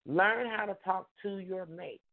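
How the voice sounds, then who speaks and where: Her voice medium-pitched and a little slow, a female life coach runs a call-in show and hands out relationship advice with emphasis. She repeats herself and acts out the couples' voices, and the sound is thin and tinny like a phone line.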